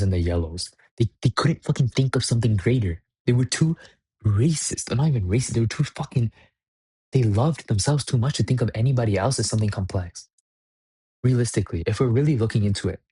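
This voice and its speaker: A man's voice: on the low side, warm tone, husky, no room sound, studio quality. A young man vlogging in a blunt, profane, rambling rant. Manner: blunt, swearing, rambling with restarts. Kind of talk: profane ranting monologue.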